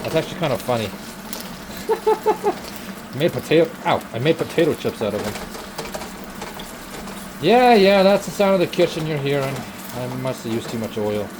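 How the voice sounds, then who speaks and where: A man's voice: a little high, wildly swooping pitch, normal speed, long pauses, background noise. A young man venting in a casual vlog from his home kitchen, frustrated and sarcastic, swearing often. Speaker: vlogger. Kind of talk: ranting vlog while cooking.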